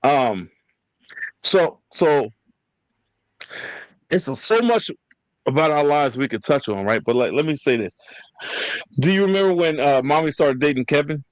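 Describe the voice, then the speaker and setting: A man hosting a podcast, telling family stories in a casual, animated and profane way. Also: on the high side, a little slow, pauses often, dry recording, rough recording. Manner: animated storytelling, slangy and profane. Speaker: podcast host.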